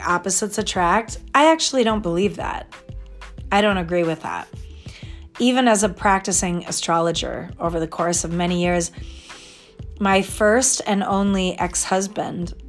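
A woman in her fifties rambles through a casual solo talk at an unhurried pace, drifting off topic and laughing at herself. Her pitch sits in a middling range. Faint music plays behind her voice. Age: 50s. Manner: chatty, digressive, laughing asides. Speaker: podcast host and astrologer.

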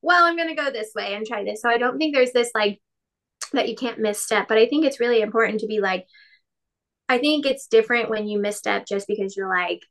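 A woman's voice: a little high, brisk, a bit bright. A woman in her thirties co-hosting a casual faith podcast, chatty, laughing often and acting out quotes. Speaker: podcast co-host.

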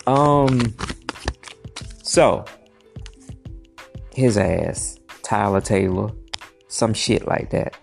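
Very low, gravelly woman rambling casually. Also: lively intonation, drawn-out words, long pauses, darkish tone. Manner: loose, profane, playful asides to viewers. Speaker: tarot reader. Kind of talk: casual rambling tarot reading vlog. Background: music playing.

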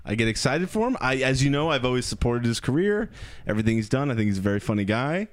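A man's voice: mid-range voice, lively intonation, fast talker, no echo. A man co-hosting a podcast, a comedian telling self-mocking stories in a rambling way. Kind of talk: casual podcast banter.

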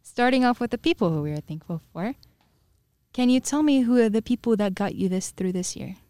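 A woman's voice: fairly high pitch, expressive, fairly quick, warm tone, smooth, dry recording. A teenage girl hosting a club talk show, leading with plain questions. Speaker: host.

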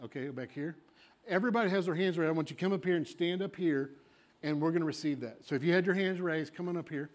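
A pastor with a voice on the high side talks fast, leading an altar call and fervent prayer in a coaxing, repetitive way. The setting is a church sanctuary.

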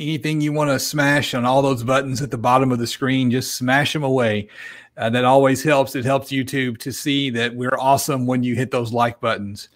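A man hosts a live stream podcast in an easy, chatty way. He pokes fun at himself and reads viewer comments aloud as he goes. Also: mid-range voice. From American South. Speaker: podcast host. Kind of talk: casual live-stream chat.

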